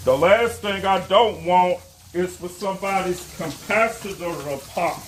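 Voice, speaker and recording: High-voiced man stammering through a vlog. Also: a little hiss or hum. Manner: halting, stammering, self-correcting; earnest and devout. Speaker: homeowner vlogger. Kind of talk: casual how-to vlog commentary. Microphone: phone.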